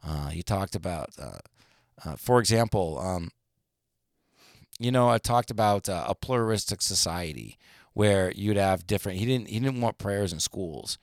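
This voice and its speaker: A man co-hosting a podcast, chatting casually and retelling stories in an animated, rambling way. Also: low-pitched, moderate pace, no room sound, studio quality. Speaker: podcast co-host. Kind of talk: casual chat.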